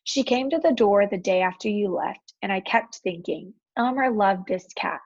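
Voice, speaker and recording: Lady doing a chatty mom, husky voice, kinda gravelly. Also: mid-range voice, moderate pace, a little mellow, dull audio. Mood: fond. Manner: fond, chatty. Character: warm relieved mother.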